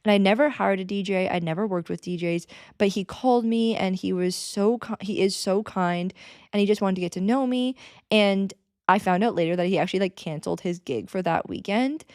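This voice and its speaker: Thirtyish woman podcast host, rambly excited storytime, bit of vocal fry. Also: medium pitch, a little fast, no room sound, studio quality. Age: 30s. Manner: chatty, filler-heavy, excitable. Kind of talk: casual storytelling.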